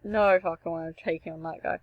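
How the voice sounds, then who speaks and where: A young woman reading a text adventure game aloud and breaking off for joking, animated asides and the odd swear. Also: lowish voice, brisk, dry recording, narrow, tinny audio. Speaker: gameplay streamer.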